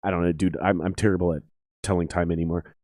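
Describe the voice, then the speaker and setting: A man hosting a casual podcast chat, telling stories in a profane, energetic way. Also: deep voice, quick pace, no echo, studio quality. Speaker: podcast host.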